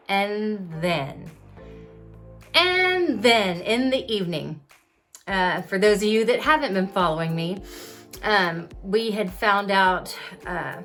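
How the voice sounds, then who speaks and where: A woman in her thirties talks to her viewers about her epilepsy, her medium-pitched, slightly bright voice animated yet slow and full of pauses. Faint music plays behind her as she shares openly and confessionally to camera, using conversational fillers.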